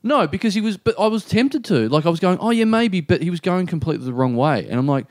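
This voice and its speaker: Animated Australian man telling a story. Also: fairly high pitch, fast talker, dry recording, studio quality. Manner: animated, self-deprecating, acts out quotes. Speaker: podcast host. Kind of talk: casual storytelling chat.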